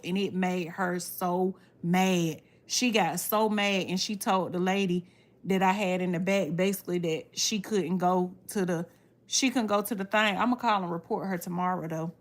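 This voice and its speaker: A woman, casually telling viewers a story in a blunt, animated way and swearing freely. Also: fairly low pitch, moderate pace. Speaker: livestreamer talking to viewers.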